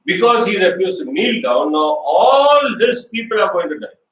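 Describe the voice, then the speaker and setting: A man preaching an animated sermon. He tells the story in his own words, acts out the people in it and asks the congregation questions. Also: high voice, normal speed. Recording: echoey hall, recorded from far off.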